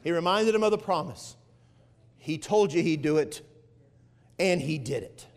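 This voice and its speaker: A man with a notably high voice preaches from the pulpit, leaning hard on key phrases and drawing them out. His words ring through a church sanctuary with a long reverb trailing behind. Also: animated. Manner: preaching with swelling emphasis and drawn-out phrases. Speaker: pastor. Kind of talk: sermon.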